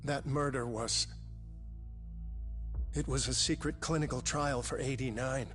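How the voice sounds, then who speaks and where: A man's voice: mid-range voice, steady tone, unhurried, a bit bright, natural voice. An actor playing a tense, guilt-ridden male scientist who talks in a hesitant, earnest way, in dubbed game dialogue. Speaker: research scientist. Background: dramatic game music.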